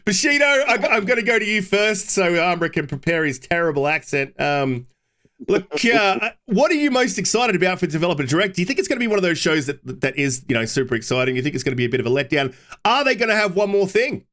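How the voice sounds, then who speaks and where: Higher-voiced joking podcast host man. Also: sing-song, fast talker, pushed and bright. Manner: joking, teasing, asks questions. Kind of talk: casual podcast chat.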